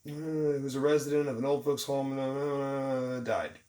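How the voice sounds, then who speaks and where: A man's voice: mid-range voice, level tone, a little slow, a little mellow. A man, ranting about the news in a mocking, irritated vlog with jokey asides. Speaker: vlogger. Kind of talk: sarcastic news commentary rant. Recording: roomy, distant from the mic.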